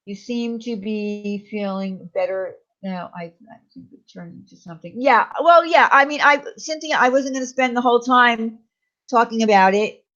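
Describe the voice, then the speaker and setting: A woman with a medium-pitched, somewhat bright voice talks at normal speed while hosting a laid-back live stream. She reads comments out loud, keeps things chatty and reassuring, and speaks to viewers by name. The sound is lo-fi and a touch dull.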